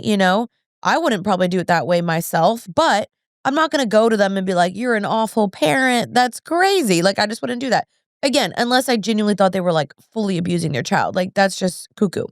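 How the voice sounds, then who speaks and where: A pregnant woman in her thirties hosts a podcast, chatting earnestly and casually with plenty of filler words. Her voice is medium-pitched. The recording is dry with clean studio sound.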